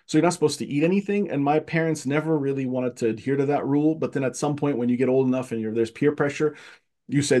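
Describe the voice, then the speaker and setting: A middle-aged man of Armenian family raised in Egypt, a guest casually telling childhood stories, restarting phrases and getting animated when he quotes himself. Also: quick pace. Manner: animated, repeats words as he restarts, rising pitch when quoting himself. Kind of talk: casual conversational storytelling.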